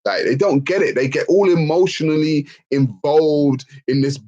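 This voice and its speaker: A man's voice: fairly high pitch, normal speed, mellow, muffled recording. A man hosting a livestream Q&A, ranting emphatically and swearing freely as he answers the chat. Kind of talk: livestream Q&A rant.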